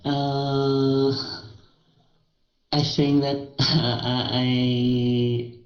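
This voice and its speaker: A man's voice: mid-range voice, completely flat delivery, very slow. A male student reading a passage aloud and asking questions hesitantly, restarting his words. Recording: dull, roomy sound.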